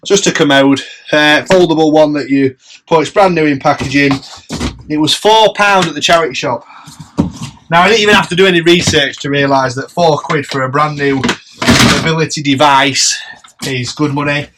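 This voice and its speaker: A man's voice: a little high, normal speed, noisy background. A man, chatting casually on his vlog and running upbeat tallies of prices and profit. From England. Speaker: reseller vlogger. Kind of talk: casual chat.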